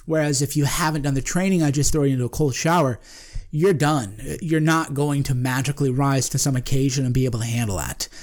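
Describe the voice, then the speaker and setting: A man's voice: medium pitch, brisk, a little mellow. A man hosting a podcast, talking in a casual, emphatic monologue that often breaks off and repeats phrases. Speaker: podcast host.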